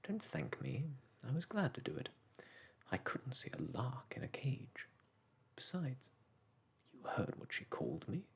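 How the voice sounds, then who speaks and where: A man reading a storybook aloud and voicing a prim, brisk magical nanny, speaking in a crisp, matter-of-fact way. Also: mid-range voice, wildly swooping pitch, fairly bright tone, in a whisper, pitched above the performer's own voice, full character voice.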